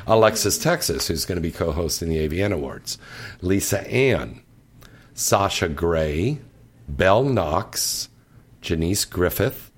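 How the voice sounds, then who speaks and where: A man's voice: low-pitched, lively intonation, measured pace, husky. A man hosting a casual chat show, joking and teasing his guests. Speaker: host.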